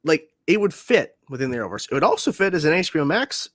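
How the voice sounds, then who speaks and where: Hyped up dude cohosting a geeky stream, swears a bunch, bouncy voice, kinda high. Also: male voice, fast talker. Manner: excitable, laughs and swears often, repeats himself. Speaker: co-host. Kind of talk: casual pop-culture chat.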